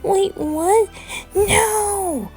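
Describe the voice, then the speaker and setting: A shrill little demon girl with a tail and horns, whining and stamping for what she wants, voiced by a woman storyteller. Slow, drawn-out pleading with a gravelly edge under the squeal, faint music behind. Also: warm tone, exaggerated voice. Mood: whining tantrum. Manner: high, whiny, throws tantrums.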